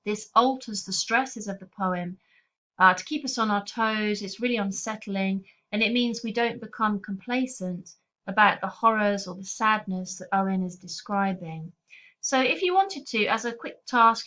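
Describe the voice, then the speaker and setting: Casting note: female teacher, clear steady explainer, mid pitch, slightly dull lo-fi audio. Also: moderate pace. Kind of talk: recorded poetry lesson.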